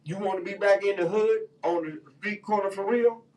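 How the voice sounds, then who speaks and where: A man's voice: high voice, steady tone, normal speed, a little mellow, recorded from a distance, poor audio. A man hosting a radio talk show, ranting in loose, heated slang with lots of fillers. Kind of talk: casual opinion talk.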